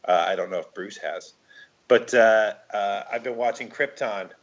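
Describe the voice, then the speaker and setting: A man's voice: fairly low pitch, normal speed, highs cut off. A man co-hosting a movie podcast, talking in a rambling, hesitant way with lots of restarts. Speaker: podcast co-host. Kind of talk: casual chat.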